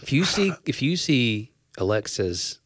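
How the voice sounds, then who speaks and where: A man co-hosting a podcast in casual chat, playful and quick with jokes. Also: medium pitch, very animated, a bit bright, no room sound, clean studio sound. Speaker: podcast co-host.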